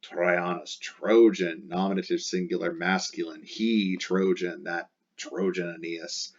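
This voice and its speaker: Male Latin tutor, low voice, slow, patient explaining, dull lo-fi sound. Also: steady tone, a little mellow. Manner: slow, patient, breaks into dramatic emotional readings of the text. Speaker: Latin teacher. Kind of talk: recorded Latin lesson, translating line by line.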